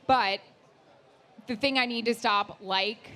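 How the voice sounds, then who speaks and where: An excitable woman co-hosts a live podcast on stage. She hands out blunt, direct advice in short bursts. Her voice sits a little high. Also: moderate pace. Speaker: podcast co-host.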